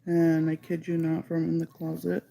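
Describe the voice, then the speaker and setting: Gravelly, dark-voiced woman rambling. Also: low voice, completely flat delivery, rough recording. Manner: rambling, heavy use of "like", slips into Spanish; stretches some phrases out slowly when stressing them. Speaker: livestreamer telling a ghost story. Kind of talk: casual storytelling on a livestream.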